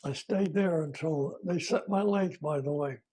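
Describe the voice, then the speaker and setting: An older retired army veteran man recalling his service in a plain-spoken, halting way, with fillers and self-corrections. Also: a little high, warm tone, breathy edge. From United States. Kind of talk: oral history recollection.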